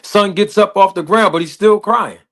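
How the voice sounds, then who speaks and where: A man telling a story slowly and deliberately, repeating phrases as he builds it up. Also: sits high, fairly bright tone. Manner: slow, deliberate, repetitive storytelling with laughs. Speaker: podcast host. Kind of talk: slow storytelling.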